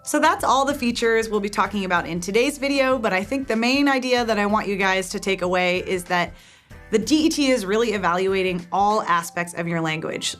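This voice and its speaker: Female video teacher, clear friendly explainer, mid-pitched voice, light music bed. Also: a bit bright. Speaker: test prep teacher.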